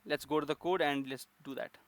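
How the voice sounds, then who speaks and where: A man's voice: on the high side, steady tone, fairly quick. A man teaching a coding lesson, explaining step by step with frequent fillers and restarts. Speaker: programming instructor.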